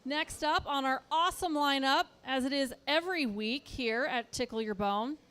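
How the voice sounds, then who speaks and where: A woman hosting a comedy club show, introducing the next comedian on stage with upbeat, brisk patter. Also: high-pitched, fairly bright tone. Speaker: host.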